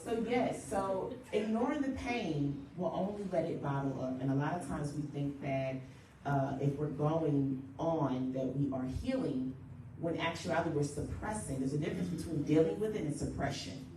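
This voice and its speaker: A woman grief counselor leading a church workshop, talking in a lively way and acting out quick everyday quotes. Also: low voice, slight background noise. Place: church hall. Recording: echoey room, voice from far off.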